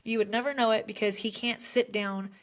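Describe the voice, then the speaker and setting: Her voice is a little high and fairly even in intonation, and she speaks briskly. A young adult special education teacher, she tells heartfelt stories in an earnest podcast chat, filling gaps often with fillers.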